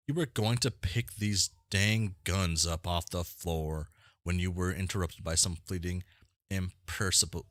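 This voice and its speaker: Deep-voiced man reading along casually. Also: fairly bright tone, no room sound. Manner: rambling, self-mocking, stumbles over names. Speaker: streamer reading a webcomic aloud. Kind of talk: casual read-along with commentary.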